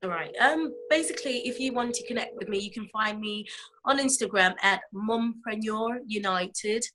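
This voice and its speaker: A woman's voice: mid-range voice, moderate pace, pushed and bright, rough recording. A woman from the UK, an author and business mentor, speaking as a guest in an earnest, encouraging way with some fillers. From United Kingdom. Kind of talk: casual interview talk.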